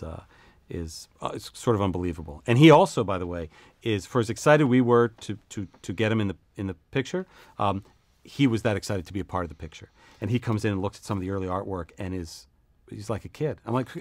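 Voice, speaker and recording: A male film producer rushes through an anecdote for a press interviewer, stumbling over his first words. His voice is lowish and the recording is dry and close. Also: no echo. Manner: halting, stumbling starts.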